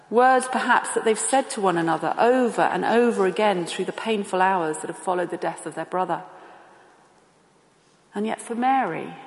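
A woman preaching a sermon, deliberate and emphatic, asking rhetorical questions. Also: medium pitch. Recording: echoey hall with long reverb.

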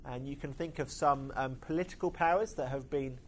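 A man preaching a sermon, pausing often with hesitant fillers. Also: mid-range voice, slight background noise.

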